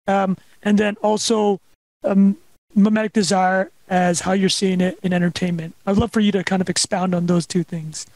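A man hosting a podcast, asking quick, halting questions full of ums and uhs. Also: high voice, flat delivery, darkish tone, no room sound, low-quality recording. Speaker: podcast host. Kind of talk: interview questions.

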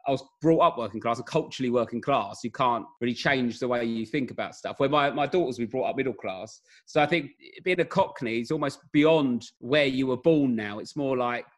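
A man in his thirties with a South East London accent, chatting casually as a podcast guest and rambling through animated stories. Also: medium pitch, brisk, hardly any pauses. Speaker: guest comedian. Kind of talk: casual chat.

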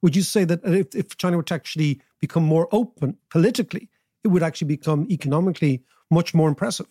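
A man's voice: a little high, fast, dark tone, no echo, studio quality. A man hosting a podcast interview, asking long rambling questions full of asides and anecdotes. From Ireland. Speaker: podcast host.

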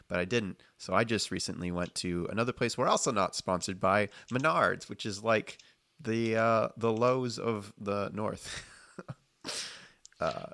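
A man runs a casual tabletop game, joking and laughing as he narrates, with plenty of fillers. His voice is bright and forceful, a bit low in pitch. The podcast mic sounds close and dry. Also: vocal fry, no echo. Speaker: game master.

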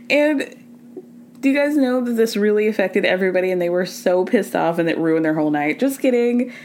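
A woman's voice: medium pitch, lively intonation, moderate pace, long pauses, darkish tone. Woman, podcast host, casual TV recap, chatty, profane, acts out quotes. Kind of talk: casual pop culture recap.

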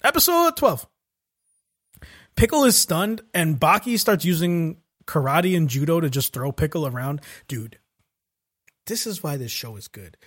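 Animated, swearing podcast storyteller man. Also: on the high side, unhurried. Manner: animated storyteller, acts out characters' lines with swearing and laughter. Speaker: podcast host recapping an anime. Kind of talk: casual comedic podcast chat.

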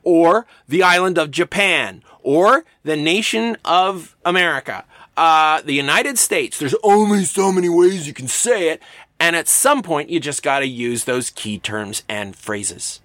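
A man's voice: on the high side, lively intonation, a little slow, fairly bright tone, dry recording, clean studio sound. A man giving a recorded lecture on writing, emphatic and playful as he explains his points. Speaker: writing instructor.

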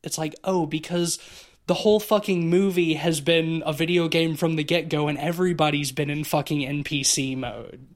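A man's voice: on the high side, normal speed. A man in his thirties co-hosting a podcast, talking casually and profanely about a film. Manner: rambling, animated, profane. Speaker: podcast co-host.

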